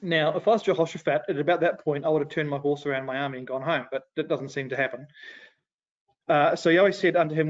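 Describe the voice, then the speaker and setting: A man with a fairly high voice leads an adult Bible class, retelling the scripture in a loose, conversational way with plenty of animation. The recording sounds dull and lo-fi. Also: fairly even intonation, quick pace. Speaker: Sunday school teacher. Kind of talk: casual Bible class teaching.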